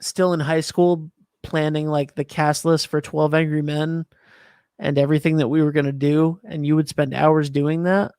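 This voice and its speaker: A man's voice: fairly high pitch, level tone, moderate pace, darkish tone, clear, resonant tone, no room sound, clean studio sound. A man hosting a podcast, rambling through casual chat with lots of fillers as he thinks aloud. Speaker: podcast host.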